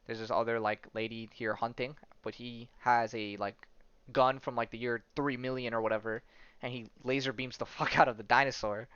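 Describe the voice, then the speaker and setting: A man's voice: mid-range voice, fairly even intonation, normal speed, a bit bright, clean tone, no room sound, lo-fi sound. A man hosting a casual podcast, talking loosely with lots of fillers, tag questions and swearing as he retells a story. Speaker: podcast host.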